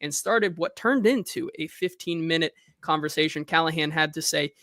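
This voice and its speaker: A man's voice: a little high, moderate pace, pushed and bright, no echo, clean studio sound. A man hosting a sports podcast in casual chat, loose and talkative as he reads news aloud and reacts to it.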